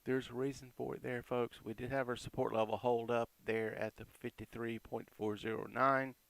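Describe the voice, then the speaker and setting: A man giving casual, chatty commentary on crypto price charts, reading out support and resistance levels with quick asides. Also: medium pitch, little pitch movement, gravelly, no room sound.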